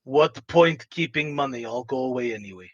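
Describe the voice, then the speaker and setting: A man voicing a blunt, gloomy male adventurer who speaks in slow, clipped, broken phrases during a tabletop game. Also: medium pitch, dry recording, dull audio, natural voice.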